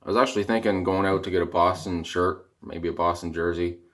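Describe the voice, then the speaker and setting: A man's voice: low voice, steady tone, fairly quick, fairly bright tone. A young Canadian man ranting casually to camera in a rambling, dejected, exasperated way, his voice cracking at times. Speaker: vlogger, hockey fan.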